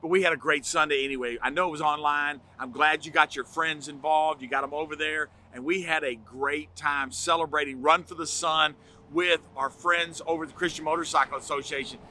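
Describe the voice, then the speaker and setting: Folksy pastor man, enthusiastic announcements, bright tense voice, a bit higher than most. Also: fairly even intonation, brisk, a little hiss or hum. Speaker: pastor giving church announcements. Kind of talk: casual church announcements video.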